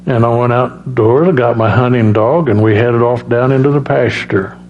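A man giving a personal testimony as a preacher, halting, with many restarts and fillers. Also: medium pitch, steady tone, a little mellow. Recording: dull lo-fi sound with faint hum.

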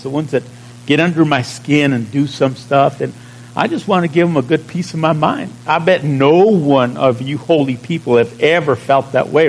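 A pastor preaching a sermon in a conversational way, stretching out key words and checking in with the congregation. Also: male voice, on the high side, creaky, breathy edge, rough recording.

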